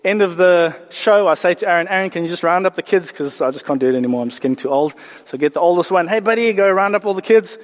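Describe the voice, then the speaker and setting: Casting: middle-aged man, high-pitched preacher, lively sermon with acted-out quotes, church-hall echo. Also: fast talker. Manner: animated, acts out quoted voices. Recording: hall reverb.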